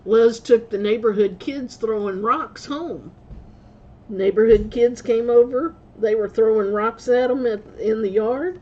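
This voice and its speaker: A woman's voice: fairly high pitch, measured pace, darkish tone, muffled recording. A woman vlogger telling rambling stories in a casual way, laughing often and correcting herself as she goes. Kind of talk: casual storytelling.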